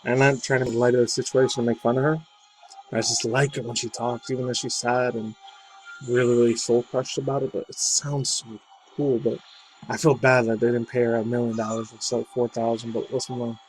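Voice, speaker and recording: A man's voice: mid-range voice, little pitch movement, fairly quick, rough recording. A man casually reading out a gaming news article, breaking off into rambling, slangy asides. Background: faint game music.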